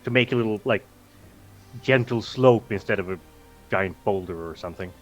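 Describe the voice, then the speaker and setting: A man's voice: fairly low pitch, normal speed, lo-fi sound, soft background music. A man playing in a tabletop game, explaining his move in a casual, stammering way. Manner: stammering, restarts a lot. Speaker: player.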